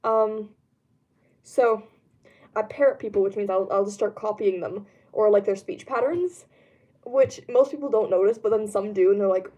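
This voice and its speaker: A woman's voice: mid-range voice, normal speed, warm tone, highs cut off. A young woman chatting casually on a home stream, answering chat in a rambling way with lots of fillers. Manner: rambling, lots of ums, laughs easily. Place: home room.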